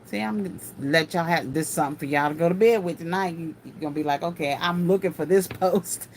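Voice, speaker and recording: A woman's voice: lowish voice, fast, slight background noise. A woman hosting a casual craft livestream, chatting folksily and laughing often as she answers viewer comments.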